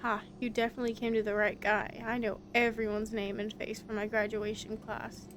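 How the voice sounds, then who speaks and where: A woman's voice: on the high side, little pitch movement, brisk, fairly bright tone, slight background noise, close to an everyday voice. A woman voicing a laid-back young man in a visual novel, talking in a casual, slangy, gossipy way.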